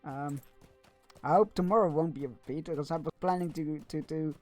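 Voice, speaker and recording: Male streamer, casual rambling game commentary, slightly high voice, music underneath. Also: brisk, darkish tone. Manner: rambling, stumbling restarts, chatting with viewers.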